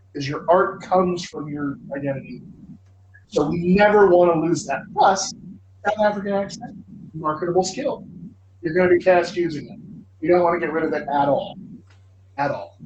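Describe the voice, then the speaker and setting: A man's voice: on the high side, moderate pace, pauses often, lo-fi sound. A man hosting a live online Q&A as a dialect coach, encouraging and emphatic, often repeating words for stress. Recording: echoey room, faint ambient noise.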